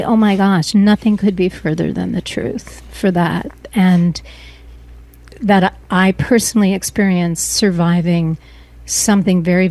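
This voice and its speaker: A middle-aged woman as an interview guest, speaking earnestly and emotionally, often pausing and restarting her sentences. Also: fairly low pitch, darkish tone, dry recording. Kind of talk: personal interview.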